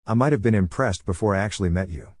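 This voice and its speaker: A man voicing a sharp-tongued teenage ninja girl who talks in a snappish, sarcastic way. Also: fairly low pitch, racing, no echo, clean studio sound, natural voice. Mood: irritated.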